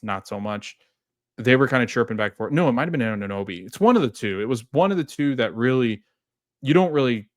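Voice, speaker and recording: A man hosts a fan show, picking apart a basketball game in loose, excited talk full of restarts. His voice sits a little low, and the sound is dry and close with no room around it. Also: dry recording. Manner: animated fan, rambling with restarts. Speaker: podcast host. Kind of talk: casual sports talk.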